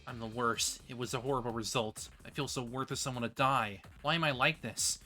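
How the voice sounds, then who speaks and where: Self-loathing child who failed its father, low heavy read, bright voice, read by a streamer. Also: steady tone, fairly quick, soft background music, lightly acted. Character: self-hating child crushed by a father's expectations.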